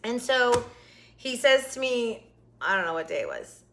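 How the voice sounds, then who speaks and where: A woman's voice: on the high side, very animated, a little slow, a bit bright, a little hiss or hum. A woman hosting a craft vlog, telling a rambling story in a chatty way and sounding exhausted. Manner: rambling, talkative, many asides. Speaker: craft channel host.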